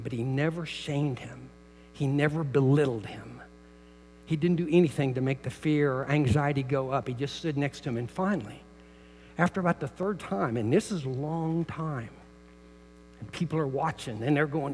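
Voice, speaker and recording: A man's voice: medium pitch, normal speed, big-room sound, a little hiss or hum. An older man, a pastor preaching a sermon, telling stories, who often repeats words as he starts a phrase. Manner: storytelling, repeats words at the start of phrases, rises loud when quoting. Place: church sanctuary.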